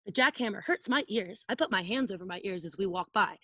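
A woman's voice: medium pitch, lively intonation, a little fast, hardly any pauses, fairly bright tone, no room sound. A woman preschool teacher reading a picture book aloud to children over a video call, playfully acting out sound effects and asking them to join in.

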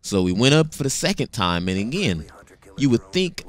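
A man in his thirties casually telling a personal story, animated and slangy, often repeating words as he talks. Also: medium pitch, fairly quick.

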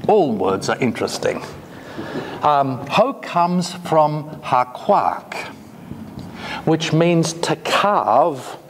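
A man giving a classroom lecture, talking slowly and hesitantly with many fillers and asides. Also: fairly high pitch, big pitch swings. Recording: long reverb, faint noise.

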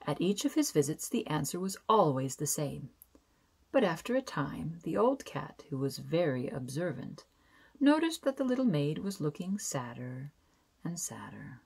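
A woman with a low, husky voice reads a fairy tale aloud as a bedtime story. She is gentle and expressive and slows down on key phrases.

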